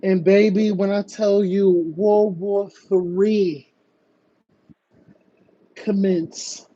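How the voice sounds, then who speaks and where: Slow, husky woman on a gossip stream. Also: steady tone, dark tone. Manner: chatty, slangy, reads viewer comments aloud; jumps into high mocking voices when acting out scenes. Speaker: livestream host. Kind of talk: casual gossip commentary on a live stream. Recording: dull lo-fi stream audio.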